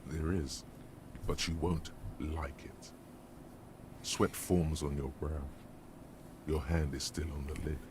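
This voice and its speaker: A wry, ominous inner voice in a video game. Very deep and slow to rise, often dropping into a half-whisper. Game sound sits under it with a clear ambient hiss. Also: male voice, fairly even intonation, a little mellow. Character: the detective's brooding inner voice, male, wry and ominous. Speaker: game's inner-voice narrator. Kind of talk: scripted video game narration. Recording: game audio with noisy ambience.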